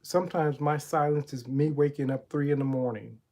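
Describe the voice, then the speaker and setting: Retelling Bible stories and throwing out rhetorical questions, a middle-aged motivational coach and channel host gives a preacherly spiritual talk. His voice sits fairly high, with a steady, somewhat dark tone and normal speed.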